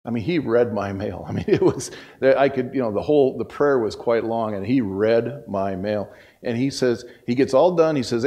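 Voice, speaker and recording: A pastor delivers his sermon in an easy, story-driven way from the front of a church. His voice sits at a middle pitch and swings between raised, emphatic bursts and near-whispered asides. He speaks as a man talking to his own congregation. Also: moderate pace. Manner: conversational storytelling, swings from loud to hushed.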